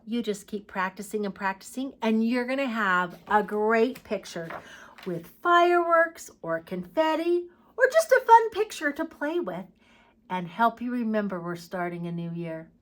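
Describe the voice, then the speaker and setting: A woman reading a storybook aloud to preschool children and talking to them in a warm, encouraging, sing-song way. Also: a little high, big pitch swings, measured pace. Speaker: preschool teacher reading to kids.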